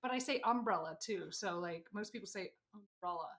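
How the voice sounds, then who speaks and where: A woman's voice: mid-range voice, a little fast. An American woman chatting casually on a livestream while she works on a sewing project, reading out and answering viewer comments. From United States. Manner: chatty, rambling, reads chat aloud. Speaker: livestream crafter.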